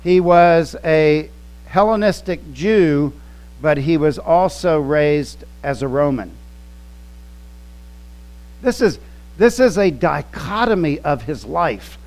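A man preaching a sermon, teaching slowly and emphatically, quoting scripture and explaining original-language words. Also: a little high, animated, a little mellow, rough recording. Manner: slow, emphatic teaching with quoted scripture and word studies. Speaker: pastor.

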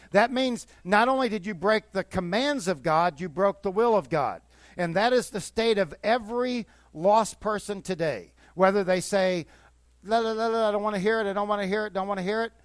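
A man's voice: high-pitched, no echo. An older man, a pastor preaching a sermon in church, moving from conversational teaching to fervent exhortation.

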